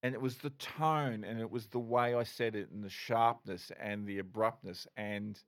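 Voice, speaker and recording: A man's voice: lowish voice, fairly even intonation, normal speed. A middle-aged man, a former police officer, telling his story candidly as a podcast guest, swearing and restarting often.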